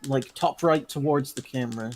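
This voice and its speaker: A man's voice: medium pitch, moderate pace, slight background noise. A man streaming a video game, chatting casually, explaining at length and laughing often. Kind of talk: casual chat while gaming.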